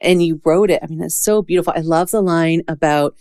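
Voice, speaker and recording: A woman's voice: deep voice, a little fast, clear, resonant tone, no room sound, studio quality. A woman hosting an interview, who responds with open emotion and praise for her guest. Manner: warm, emotionally moved responses. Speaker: podcast host. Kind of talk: interview conversation.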